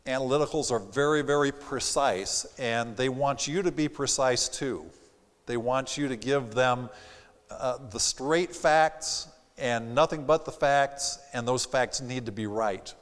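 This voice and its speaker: A man giving a live seminar on sales and personality styles, with a slight Southern accent, animated and acting out his customers' lines. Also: medium pitch, unhurried. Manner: animated, acts out quoted customers. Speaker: sales trainer. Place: theater stage. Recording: reverberant theater hall.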